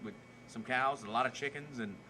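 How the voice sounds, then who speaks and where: A man's voice: mid-range voice, fairly quick, bright, forceful tone, slight background noise, low-quality recording. A man with a Cajun Louisiana accent, talking as a podcast guest in a folksy, joking way, often repeating words as he starts sentences. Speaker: chef and guest. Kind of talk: casual podcast chat.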